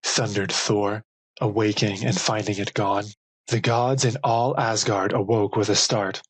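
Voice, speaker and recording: A man reads an audiobook of legends in slow, measured phrases. His voice is lowish and husky, recorded dry and close. The pace is unhurried and deliberate throughout. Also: fairly even intonation, no room sound, low-quality recording. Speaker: audiobook narrator. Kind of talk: scripted storybook narration.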